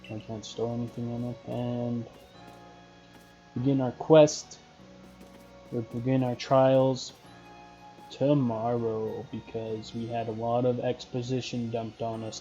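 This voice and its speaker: A young man talks through a game in a relaxed let's-play, reading on-screen text aloud and adding his own asides. His voice is dark and mellow. The recording sounds muffled and lo-fi, with faint game music underneath. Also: medium pitch. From Canada. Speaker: gaming channel host. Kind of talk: casual let's-play commentary.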